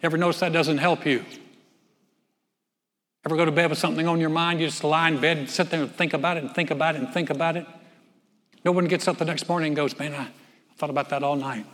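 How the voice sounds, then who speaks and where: Preaching man with a fairly high voice in a hall. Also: level tone, fast, pauses often, fairly bright tone. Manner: conversational, repeats words and restarts, asks the congregation questions. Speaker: pastor. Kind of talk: sermon.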